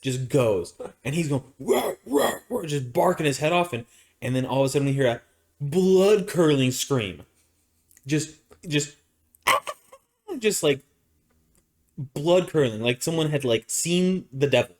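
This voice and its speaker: A man's voice: mid-range voice, a little slow, pauses often, darkish tone. A man co-hosting a podcast, from Arizona, telling a long story in a casual, rambling way with many restarts and fillers. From Arizona, United States. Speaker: podcast co-host.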